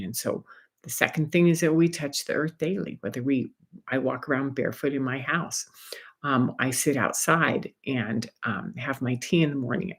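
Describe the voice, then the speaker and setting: A woman talks from home like a spiritual energy guide. Her delivery is soft and meandering, with light asides as she teaches. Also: deep voice, slightly rough. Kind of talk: gentle spiritual teaching monologue.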